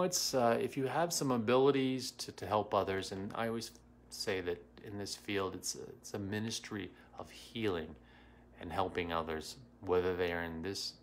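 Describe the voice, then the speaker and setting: A man's voice: on the low side, vocal fry, slight background noise. A middle-aged man hosting a casual livestream as a psychic medium, greeting viewers by name and answering comments with many fillers. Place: home in Washington, D.C.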